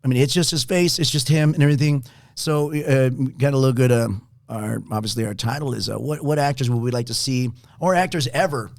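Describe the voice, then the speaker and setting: A man co-hosting a podcast chats casually in a mid-range voice, talking fairly quickly, rambling with lots of fillers and laughing often. The recording is dry, with a clean studio sound.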